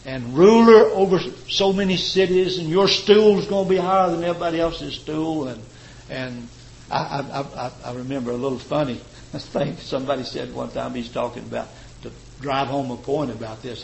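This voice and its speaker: Man, fervent sermon, stretched emphatic words, faint hum behind. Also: low-quality recording. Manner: impassioned, swelling and dropping in pitch and volume. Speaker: preacher.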